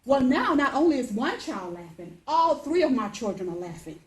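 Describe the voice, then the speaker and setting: A woman in her fifties telling a personal story as a speech, lively and acting out the voices. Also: moderate pace, roomy sound, a little hiss or hum, low-quality recording. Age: 50s. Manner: animated, acts out voices with big pitch jumps.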